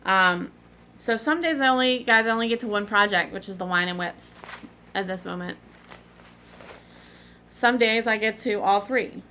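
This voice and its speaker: A woman's voice: medium pitch, normal speed, pauses often, bright, forceful tone, a little hiss or hum. A middle-aged woman rambling in a casual, digressive chat to her vlog audience, often apologizing in asides. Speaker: cross-stitch vlogger.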